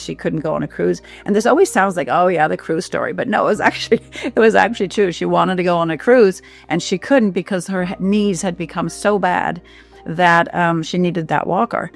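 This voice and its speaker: Woman, clinic founder, gravelly voice, heartfelt testimonial, halting delivery. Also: on the low side, faint music behind. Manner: heartfelt, halting with fillers and repeats. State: emotional. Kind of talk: emotional testimonial.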